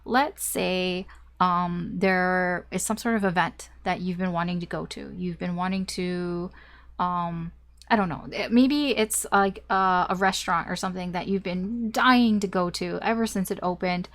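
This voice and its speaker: A woman's voice: fairly low pitch, steady tone, a little slow. A young woman giving a casual tarot reading, talking in a rambling, chatty way with fillers and the odd swear word. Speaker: tarot reader.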